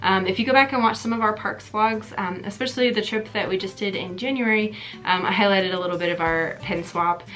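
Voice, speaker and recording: A woman vlogging as she opens gifts, gushing and excited, near tears, with a chatty manner full of fillers. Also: mid-range voice, fairly quick. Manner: gushing, excited, breathy gasps, many fillers. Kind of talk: casual vlog chat.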